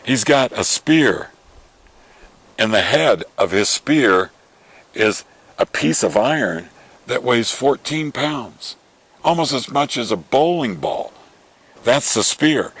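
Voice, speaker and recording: A man preaching a sermon as an animated retelling, acting out the voices of the people in it. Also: on the low side, slow pace, pauses often. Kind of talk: storytelling sermon.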